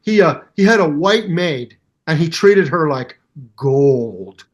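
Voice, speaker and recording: An older man in his seventies tells stories at a restless, hyper clip, slipping into other people's voices as he goes. His voice sits a little high for a man and swings widely up and down. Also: slow pace, dull audio. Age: 70s. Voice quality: hyper, animated storyteller. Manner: acts out voices in his anecdotes. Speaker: guest musician. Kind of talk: storytelling interview.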